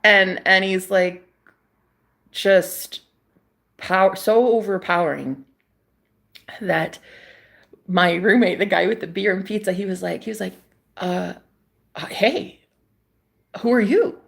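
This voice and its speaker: A woman's voice: medium pitch, measured pace, creaky, long pauses, a bit bright. Woman vlogger telling a story at home; loose, chatty delivery full of laughs and swearing. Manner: rambling, laughs often, swears freely. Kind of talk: casual storytelling to camera. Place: at a table at home.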